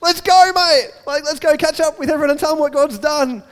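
A man voicing an excitable young prisoner who urges his friend to flee, cheering and exasperated. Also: extremely high pitch, a little fast, voice pushed up. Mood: urgent, exasperated. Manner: exuberant, urgent, cheering. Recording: echoey hall.

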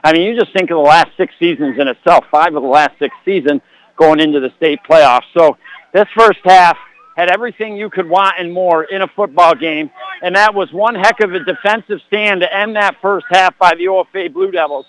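A man doing live high school football radio commentary from a broadcast booth, folksy and joking. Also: brisk, a bit bright, rough recording. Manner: folksy, jokey asides. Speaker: play-by-play announcer. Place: press box broadcast booth. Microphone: broadcast headset.

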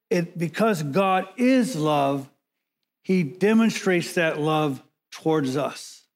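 A man preaching a sermon as pastor, measured and emphatic, slowing down and pausing to stress key words. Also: high voice, a little mellow.

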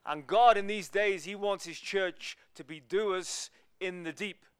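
Storytelling man preaching, smooth, higher voice. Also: unhurried, dry recording, studio quality. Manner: conversational, storytelling, swings between loud and hushed. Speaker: guest preacher. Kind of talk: sermon.

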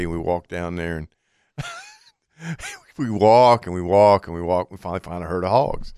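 A man's voice: sits low, expressive, moderate pace, pauses often, darkish tone, clear, resonant tone, no room sound, studio quality. A man, co-hosting a radio show and telling a folksy story with laughs. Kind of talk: casual storytelling chat.

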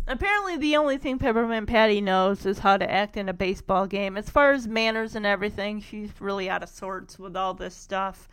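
A woman's voice: medium pitch, brisk, hardly any pauses, a bit bright, clean tone. A woman casually retelling a cartoon story in a chatty, opinionated way, full of asides. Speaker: cartoon recapper.

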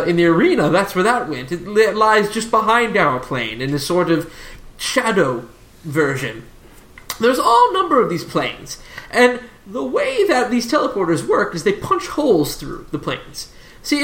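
A distracted, fussy wizard professor who loses the thread while he explains, as voiced by the game master. The voice swings widely in pitch. The recording has a roomy echo. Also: a bit bright. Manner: rambling, distracted scholar. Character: fussy absent-minded male wizard professor.

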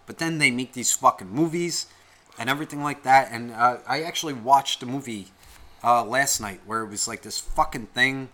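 A man's voice: mid-range voice, normal speed, pushed and bright. A young man co-hosting a podcast, ranting in a heated, rambling way and swearing constantly. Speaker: podcast co-host. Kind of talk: casual podcast rant.

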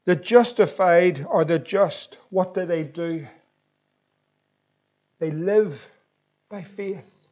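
A man's voice: high-pitched, drawn-out words, pauses often, darkish tone, muffled recording. A man in his thirties with a Northern Irish accent, preaching a sermon with fervent, emphatic questions. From Northern Ireland. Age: 30s. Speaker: pastor.

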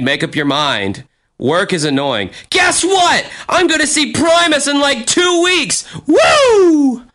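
A man's voice: medium pitch, pushed and bright. A young American man reading his old journal aloud with a friend, self-mocking and swearing freely. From United States. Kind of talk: casual chat reading aloud.

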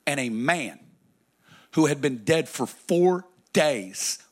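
A man preaching a sermon, dramatic, swinging between loud declarations and hushed, drawn-out lines. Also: fairly high pitch, lively intonation.

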